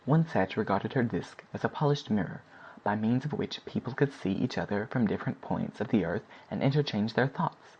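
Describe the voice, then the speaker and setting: Husky man reading a classic novel aloud. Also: on the low side, moderate pace. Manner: steady, even-paced reading. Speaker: audiobook narrator. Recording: dull lo-fi recording.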